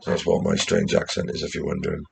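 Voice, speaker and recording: A man's voice: rumbling low, completely flat delivery, fast, creaky, darkish tone, slight background noise. A young man with a blend of West Midlands, Geordie and posh English accents, talking to his channel in a rambling, sweary, anxious way. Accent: mixed West Midlands, Geordie and posh English. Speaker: channel host. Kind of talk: casual vlog monologue.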